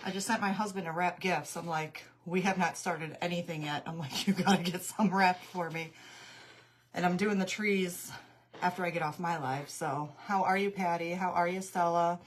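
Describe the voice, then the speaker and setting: Woman, middle-aged, casual craft livestream, greets viewers by name, laughs a lot, tablet mic at home. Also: on the low side. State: out of breath.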